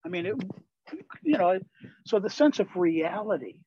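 An older man from Wisconsin, a Christian musician and pastor, telling candid, lively stories as a guest in an interview. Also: sits high, normal speed, slightly rough, dry recording. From Wisconsin, USA. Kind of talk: storytelling in a conversational interview. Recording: slightly dull, lo-fi sound.

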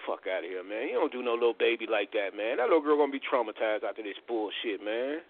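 A man's voice: mid-range voice, lively intonation, fast, creaky. A man hosting a radio show, delivering a heated, profane rant and repeating "man" over and over. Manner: profane, heated, repetitive, says "man" constantly. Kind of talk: angry rant. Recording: phone-like radio audio.

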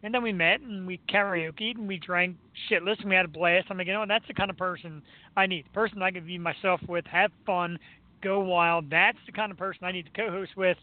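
Man, Philly accent, radio host; high voice, excitable and rambling, thin phone-like sound. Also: fairly quick, no room sound. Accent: Philadelphia. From Philadelphia. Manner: excitable, rambling, laughs often. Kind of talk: casual chat.

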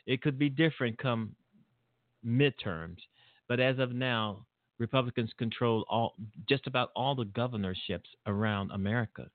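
A talk show host with a medium-pitched voice delivers a blunt, rambling political monologue packed with fillers and repetition. There's no room sound, but the line is tinny and phone-like.

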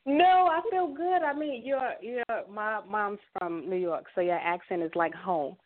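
A woman poet answering interview questions, hesitant and soft-spoken, with many pauses and fillers. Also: mid-range voice. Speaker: guest poet. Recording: phone-like line.

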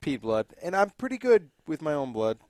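A man's voice: a little high, very animated, normal speed, a little mellow, no room sound. A man co-hosting a podcast, chatting casually and rambling a bit. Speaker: podcast co-host.

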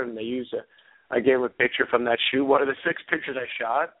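Man, storyteller, halting, chuckling, mid pitch, phone-line sound. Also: steady tone. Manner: halting, many fillers and chuckles. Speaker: guest photographer. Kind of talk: anecdote telling on radio call-in.

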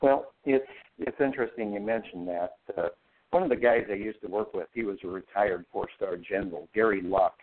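A male guest on a talk show, telling anecdotes in a relaxed way and laughing often. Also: fairly low pitch, a little fast. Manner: anecdotal, chuckles while telling stories. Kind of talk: casual talk show discussion. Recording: tinny phone line.

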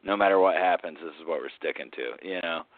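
A man's voice: low voice, fast talker, no echo, narrow, tinny audio. A man co-hosting a podcast, talking in a profane, rambling way and laughing often. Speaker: podcast co-host. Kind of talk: casual crude chat.

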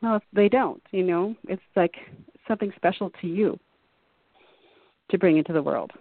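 Low-voiced woman on a dry phone line. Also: moderate pace, no echo. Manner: earnest, reflective, rambling with fillers. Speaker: guest artist. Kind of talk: casual interview chat.

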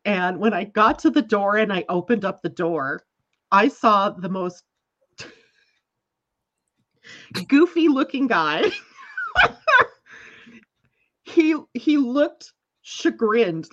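A woman hosting an astrology talk show, telling a story in a chatty, animated way, often laughing and acting out what people said. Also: medium pitch, unhurried, muffled recording. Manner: animated, laughs while telling stories, acts out quotes. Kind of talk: casual storytelling chat.

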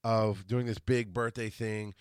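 A man's voice: lowish voice, unhurried, clear, resonant tone, no room sound, studio quality. A man in his forties hosting a podcast, talking on his own in a casual, rambling way, often restarting and correcting himself. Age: 40s. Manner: rambling, restarts and self-corrections, animated when quoting others. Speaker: podcast host. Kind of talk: casual solo monologue.

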